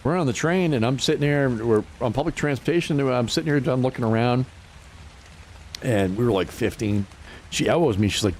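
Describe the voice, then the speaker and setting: A man's voice: mid-range voice, a little fast, a little hiss or hum. A young man, casually telling swear-filled stories and laughing as he streams a game. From New Hampshire. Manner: animated storytelling, swears freely, laughs often. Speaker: livestreamer. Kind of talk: casual chat while gaming.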